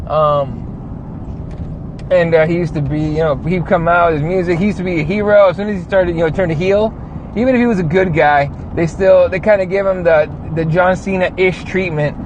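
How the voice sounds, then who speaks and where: A man's voice: on the high side, darkish tone, muffled recording, a little hiss or hum. A man hosting a show from a car, ranting casually with lots of swearing, rambling and reading chat comments aloud. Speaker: show host. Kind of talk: casual profane rant.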